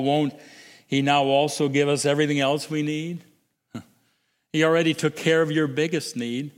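Man preaching in a reverberant hall. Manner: swings from hushed, low reflection to raised, emphatic calls; repeats phrases for effect. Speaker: pastor. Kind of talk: sermon.

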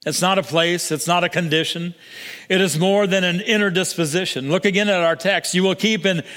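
An older man preaching a sermon, earnest, stumbling over restarts and sinking to soft, low emphasis. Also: steady tone, brisk. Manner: earnest, with repeated restarts and soft drops to near-whisper for emphasis. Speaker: pastor. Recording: long hall reverb.

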